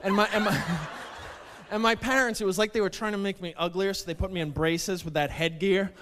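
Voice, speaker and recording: A man doing a stand-up comedy set on a club stage, deadpan and self-deprecating, slipping into mock quotes. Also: high-pitched, a little fast. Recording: club stage with long reverb, faint noise.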